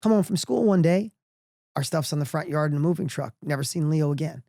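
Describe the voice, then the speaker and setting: A middle-aged man telling a personal story as a podcast guest, energetic and emphatic, often restarting his sentences. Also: a little high, brisk, vocal fry, no room sound, studio quality.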